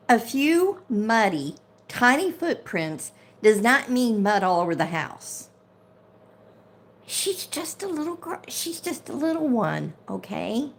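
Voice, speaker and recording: A woman hosting a casual livestream, ranting with indignation and greeting viewers by name as they join. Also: mid-range voice. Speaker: livestream host.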